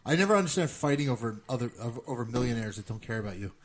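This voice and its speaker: A man's voice: medium pitch, rapid-fire. A man in casual podcast chat, telling profane stories and acting out the people in them. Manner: profane, animated storytelling with quoted voices. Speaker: podcast host.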